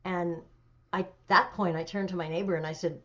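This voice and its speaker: A woman in her seventies speaks with a somewhat low voice as an interview guest. She tells her story with animation, pausing and using fillers, and the recording sounds dull and lo-fi. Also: fairly even intonation, fairly bright tone. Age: 70s. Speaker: interview guest, memoir author. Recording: dull lo-fi audio.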